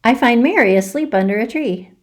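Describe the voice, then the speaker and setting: A woman teacher reading a children's book aloud for virtual story time, slow and expressive. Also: fairly high pitch.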